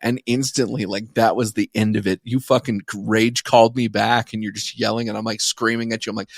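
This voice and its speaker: A man's voice: fairly low pitch, flat delivery, brisk, vocal fry, few pauses, no room sound. A man co-hosting a podcast in casual crude banter, blunt and sarcastic, swearing as he tells stories. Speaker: podcast co-host.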